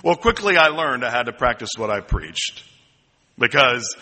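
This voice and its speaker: A man's voice: medium pitch, expressive, normal speed, sharp tone. A middle-aged male pastor preaching a sermon, telling stories with self-deprecating humor. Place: church sanctuary. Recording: long reverb in a church hall.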